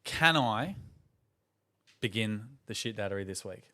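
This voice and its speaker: An Australian podcast host in his thirties tells funny stories in casual chat, animatedly acting out the voices of the people involved. His pitch is fairly low, he speaks at normal speed, and faint music plays behind him.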